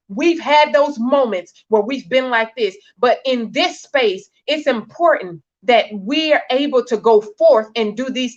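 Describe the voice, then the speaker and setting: A woman coaching wives on faith and marriage in an earnest, exhorting tone, repeating her key phrases for weight. Her voice sits a bit high. The sound is dull and lo-fi, like an online stream. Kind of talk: faith-based talk to wives.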